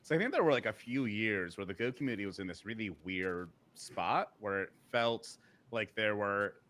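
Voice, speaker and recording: A man with a fairly low voice co-hosts a live podcast panel recorded at a conference. He tells a long, rambling story in an easy chat, full of fillers and restarts. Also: expressive, normal speed, a bit bright. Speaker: podcast co-host.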